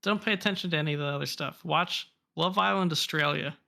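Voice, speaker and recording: A man's voice: a little high, fast, vocal fry, bright, forceful tone. A man in enthusiastic, profane casual chat. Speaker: podcast co-host.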